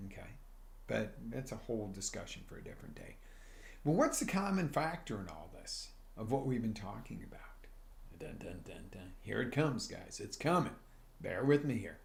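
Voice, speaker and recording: A male life coach giving an energetic motivational talk on a live stream, speaking straight to his viewers and acting out little scenes. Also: fairly low pitch, moderate pace, vocal fry.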